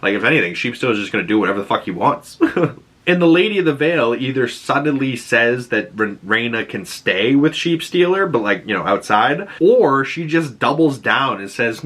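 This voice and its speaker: A man casually breaking down a TV episode, excitable and swearing freely. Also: mid-range voice, moderate pace. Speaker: YouTube show recapper.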